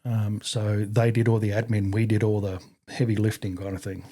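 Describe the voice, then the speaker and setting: This man in his fifties, an Australian army veteran, delivers casual stories in an interview with a fairly low, dark voice. His delivery is flat at a moderate pace, and he rambles with fillers and casual cursing.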